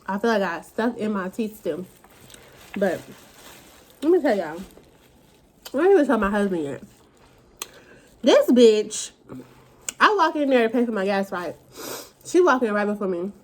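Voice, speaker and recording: A young woman, telling a profane, animated storytime rant to her camera at home. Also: mid-range voice, normal speed, long pauses. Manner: animated, profane, dramatic retellings. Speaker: vlogger.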